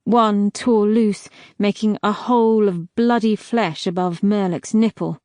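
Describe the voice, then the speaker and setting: Woman, audiobook narrator, slow steady reading, dry close mic. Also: medium pitch, dry recording. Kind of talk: scripted fantasy narration.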